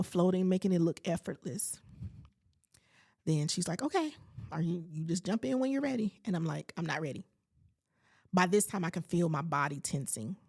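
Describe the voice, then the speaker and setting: A woman's voice: fairly low pitch, darkish tone. A woman in her late forties hosting a podcast, telling a personal story with faith-filled asides and acting out her own reactions. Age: late 40s. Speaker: podcast host.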